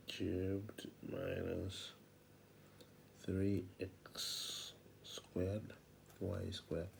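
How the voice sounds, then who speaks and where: A man's voice: sits low, vocal fry, darkish tone, slight background noise. A man giving a math lecture, repeating his phrases and posing rhetorical questions to the class.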